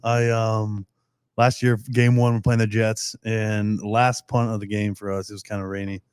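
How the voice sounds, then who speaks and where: A man's voice: fairly low pitch, flat delivery, moderate pace, darkish tone, smooth, dry recording. Young man, athlete guest, casual storytelling, loose and chuckling, dry close sound. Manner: rambling, laughs often, restarts, curses casually. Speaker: guest, pro football long snapper.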